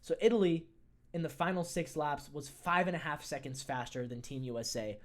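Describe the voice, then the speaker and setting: Excitable sports podcast host. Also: mid-range voice. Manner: excitable, opinionated, talks in quick bursts with restarts. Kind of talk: casual sports commentary.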